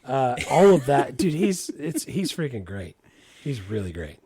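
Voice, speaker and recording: A man's voice: mid-range voice, big pitch swings, measured pace, mellow. A man co-hosting a podcast in casual chat, loose and full of fillers, often saying "dude" and "freaking". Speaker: podcast co-host.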